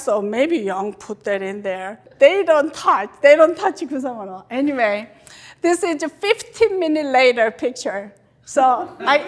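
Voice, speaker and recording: Korean-accented woman, high and lively. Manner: chatty, animated, non-native grammar. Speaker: guest lecturer. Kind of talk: lecture with slides.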